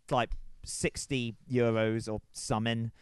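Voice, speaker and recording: A man's voice: medium pitch, unhurried, clean tone, no echo, studio quality. A man telling a story casually and animatedly, acting out voices. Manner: animated, acts out voices in his stories.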